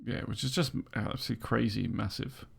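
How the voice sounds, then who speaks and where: A man's voice: fairly low pitch, a little fast, gravelly, slightly rough. A man hosting a gaming podcast, chatting casually and laughing often. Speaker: podcast host.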